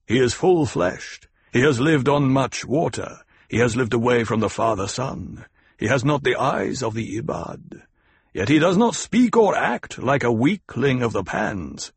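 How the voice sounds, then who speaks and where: A stern desert chief , as a man reads him aloud, who weighs every word, slow and commanding. His voice is gravelly and a little husky, with a lively rise and fall, heard close and dry. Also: medium pitch, dry recording. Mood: measured. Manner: slow, deliberate, authoritative. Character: tall, stern male desert tribal leader, measured and commanding. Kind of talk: audiobook character voice.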